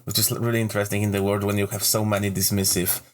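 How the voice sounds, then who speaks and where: Man, podcast co-host, low voice, relaxed, stumbling. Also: slight background noise. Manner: relaxed, halting, stumbles over words. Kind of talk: casual podcast discussion.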